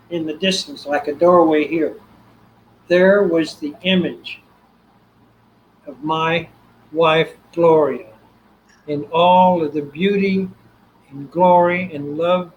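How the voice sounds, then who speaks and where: An older man from Texas with a Texan accent, a guest telling his story in an animated way and acting out the voices. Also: on the high side, slow pace, pauses often, dull audio, slight background noise. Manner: animated, acts out quoted voices. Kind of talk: storytelling interview.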